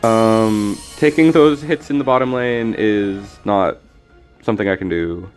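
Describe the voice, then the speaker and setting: With soft music behind him, a man with a lowish, slightly slow voice streams a card game. He talks through his plays casually, rambling, joking and poking fun at himself.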